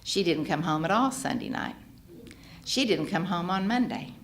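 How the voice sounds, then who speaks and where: A middle-aged woman tells her recovery story at a fellowship gathering, voicing the other people in it with strong feeling. Her voice sits fairly low, moves with lively intonation, and keeps a normal speed. The echoey hall carries faint background noise.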